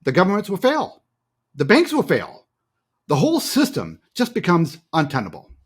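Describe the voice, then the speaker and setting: A man co-hosting a casual podcast, speaking in a lively, emphatic way. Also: high-pitched, normal speed, husky. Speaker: podcast co-host.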